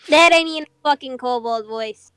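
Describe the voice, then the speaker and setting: Woman, tabletop player, brash and sweary, a bit high. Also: moderate pace, fairly bright tone, clear, resonant tone. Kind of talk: casual tabletop play.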